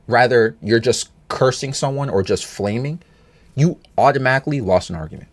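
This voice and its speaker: Casual male storyteller, opinionated and rambling, very lively pitch swings. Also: normal speed. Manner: animated, rambling, swings pitch high in exasperation.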